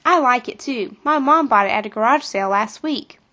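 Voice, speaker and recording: A woman voicing a cheerful, easygoing schoolgirl who sounds bright and pleased, on a dull lo-fi recording. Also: on the high side, animated, brisk.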